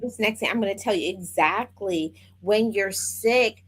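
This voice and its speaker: A woman's voice: medium pitch, a little slow, a bit bright, a little hiss or hum. A woman co-hosting a casual chat show, teasing and playful with her co-host.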